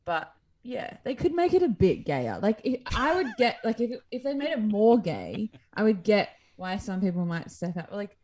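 Lively woman co-hosting a sports chat. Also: mid-range voice, normal speed, a little hiss or hum. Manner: animated, puts on voices when retelling. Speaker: co-host.

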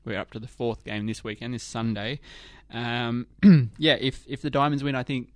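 A man's voice: mid-range voice, level tone, moderate pace, no echo. A man from Australia hosting a casual sports chat in a podcast studio, joking and reading out results. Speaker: sports segment host.

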